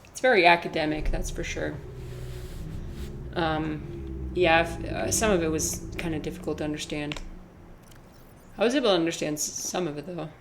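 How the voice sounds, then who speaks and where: A young woman talks casually on a game livestream, rambling and answering her chat as she plays. Her voice sits a little on the low side. Faint background noise hangs under a home desk mic. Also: normal speed, long pauses. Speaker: streamer.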